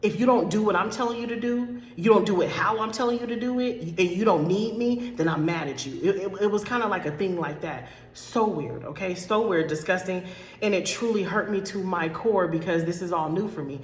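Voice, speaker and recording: A woman's voice: medium pitch, fairly quick. A woman life coach talking candidly to her followers, choked up and close to tears, repeating herself and calling her viewers y'all. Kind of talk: direct-to-camera talk to followers. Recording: echoey room with long reverb.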